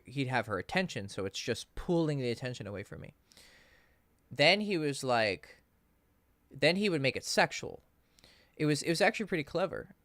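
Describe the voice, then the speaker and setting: A man's voice: medium pitch, no echo. A man coaching on dating, telling a story in a casual, profane livestream Q&A and acting out the people he quotes. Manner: casual, profane, animated when quoting others.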